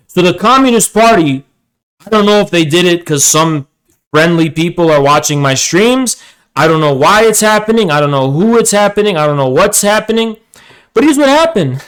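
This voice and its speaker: Man, fairly high voice, streamer, swearing a lot, angry commentary. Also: fairly bright tone, low-quality recording. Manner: profane, heated ranting with sudden swings in pitch. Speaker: streamer host. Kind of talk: ranting livestream commentary.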